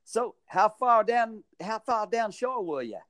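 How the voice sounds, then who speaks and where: A man voicing a blunt local hotel worker with an Australian accent, in a slow, high drawl. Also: animated, a bit bright, no room sound. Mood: warning.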